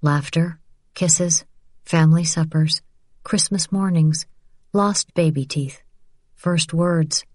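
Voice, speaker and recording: A woman reading an audiobook in measured, even scripted narration. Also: low-pitched, no room sound, clean studio sound.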